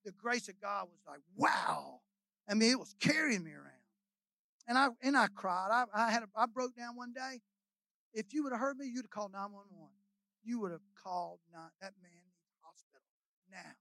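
A man's voice: sits high, lively intonation, moderate pace, gravelly, sharp tone, no room sound, poor audio. An older man, a guest pastor preaching a sermon in a folksy, emotional, rambling storytelling way full of hallelujahs and amens.

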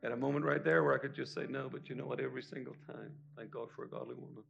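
A middle-aged man preaching as a guest pastor, telling a personal testimony in an impassioned sermon that moves between hushed moments and loud exhortation. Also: mid-range voice, steady tone, very fast, gravelly, lo-fi sound, soft background music. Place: church service hall.

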